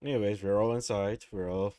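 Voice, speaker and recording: A man chatting casually during a tabletop game, relaxed and joking. His voice sits fairly low, and the call audio is dry and close. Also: a little fast, clear, resonant tone, dry recording. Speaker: player.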